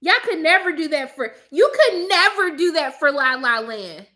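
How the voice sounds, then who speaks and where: A young woman chatting casually to her viewers, blunt and sassy, ranting with animated emphasis. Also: sits high, moderate pace, few pauses. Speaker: movie commentator.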